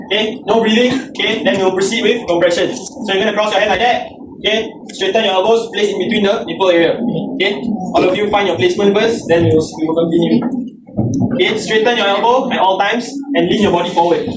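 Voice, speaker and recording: A man's voice: high voice, fast talker. A man teaching a hands-on CPR class, starting nearly every line with "okay" and counting compressions aloud. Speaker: CPR instructor. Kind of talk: hands-on first aid class instruction. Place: indoor training hall. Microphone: far camera. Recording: echoey hall from far off, noisy.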